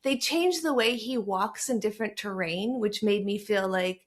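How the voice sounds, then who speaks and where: A woman's voice: medium pitch, moderate pace. A woman hosting a casual film discussion, sharing background trivia in a chatty, informative way. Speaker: host.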